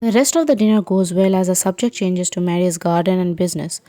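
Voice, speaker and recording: A woman narrating a second-person fan fiction story in an even, unhurried way. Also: fairly low pitch, dry recording.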